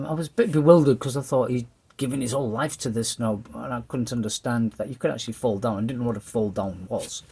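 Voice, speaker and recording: A man's voice: medium pitch, breathy edge. A middle-aged man with an English accent, telling a rambling personal testimony and acting out the voices of the people in it. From England. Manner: lively, rambling storyteller who acts out the voices in his story.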